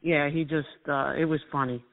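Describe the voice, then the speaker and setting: High-voiced New Yorker on a phone line. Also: male voice, moderate pace, vocal fry. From New York. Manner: animated storyteller, laughs at his own tales. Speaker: talk radio co-host. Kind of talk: casual radio chat, storytelling. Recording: tinny phone-line sound.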